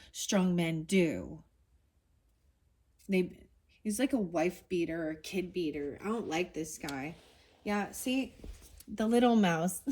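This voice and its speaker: A woman reads tarot cards in loose, casual talk. She rambles, starts sentences over and turns blunt and heated, swearing as she goes. Her voice sits at an ordinary middle pitch. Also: a little mellow. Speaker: tarot reader.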